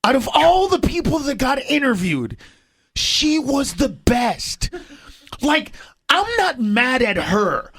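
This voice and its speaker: Animated man joking on morning radio. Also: very high voice, takes it slowly, husky. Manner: animated, excitable, laughs while talking. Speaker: guest comedian. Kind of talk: comedic morning radio chat. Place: radio studio.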